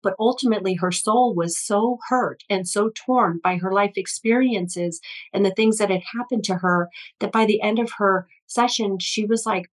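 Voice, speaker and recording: A woman's voice: mid-range voice, moderate pace, low-quality recording. A woman guest, an energy healer, telling stories in an earnest, flowing way, with frequent restarts and fillers. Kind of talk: conversational storytelling interview.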